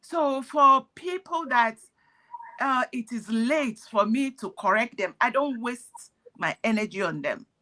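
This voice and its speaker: Woman, earnest activist lecturing in parables, slow delivery, a bit high-pitched. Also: lively intonation, pushed and bright. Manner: earnest, preachy, speaks in parables. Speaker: activist speaking on a call. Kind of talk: impassioned commentary.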